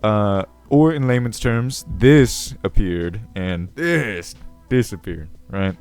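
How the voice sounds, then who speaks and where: A man's voice: on the low side, expressive, slow pace, a little mellow, clean tone, faint music behind. A man playing a pompous goblin king. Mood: rambling. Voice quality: crackly voice. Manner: pompous, rambling, self-assured. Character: self-important ancient male goblin king. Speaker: video host. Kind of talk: character comedy Q&A.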